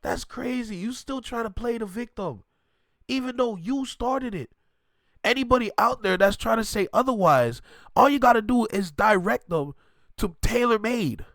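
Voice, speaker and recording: A man's voice: very high voice, lively intonation, normal speed, a bit bright, no echo, clean studio sound. A man hosting a music reaction video, ranting emphatically and in disbelief as he gives his take.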